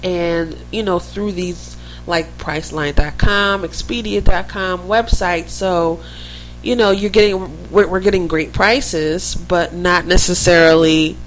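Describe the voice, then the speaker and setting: A woman's voice: on the low side, fairly even intonation, measured pace, slight background noise, low-quality recording. A woman from the Philadelphia–New Jersey area co-hosting a podcast, chatting casually and speaking straight to her listeners. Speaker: podcast co-host. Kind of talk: casual chat.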